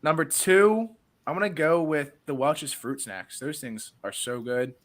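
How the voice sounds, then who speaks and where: Laid-back young man, bright voice. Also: a little high, unhurried. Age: young adult. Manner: laid-back, hesitant, many ums. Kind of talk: casual chat.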